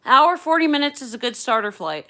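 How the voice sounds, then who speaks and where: Livestreaming casually from her phone at home, a woman chats candidly and swears freely. Her voice is high and sing-song, her tone sharp, and she talks a little fast.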